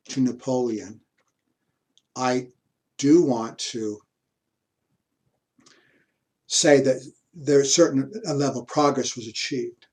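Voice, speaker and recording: A man giving a university history lecture, unhurried, pausing mid-sentence and adding asides. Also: medium pitch, darkish tone.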